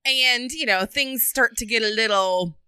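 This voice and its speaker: A woman with a bright, forceful voice co-hosting a podcast. She chats casually and playfully, laughing easily. The sound is dry and close. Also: unhurried, clear, resonant tone, no echo. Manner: playful, laughs often, dips into a low sultry voice. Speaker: podcast co-host. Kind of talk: casual chat.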